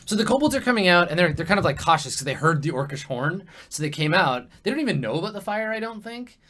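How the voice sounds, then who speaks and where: A man running a tabletop game as game master, with casual, filler-heavy, animated narration. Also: high-pitched, fast.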